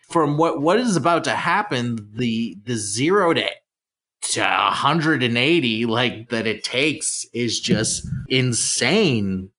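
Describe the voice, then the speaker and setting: A man co-hosting a podcast, chatting casually and jokingly about a movie. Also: medium pitch. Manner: animated, joking, quick to laugh. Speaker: podcast co-host. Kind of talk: casual movie-discussion chat.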